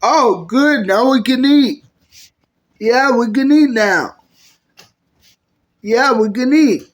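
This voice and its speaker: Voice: medium pitch, takes it slowly. A puppet video maker performing every character in a comedy skit, switching between bickering character voices.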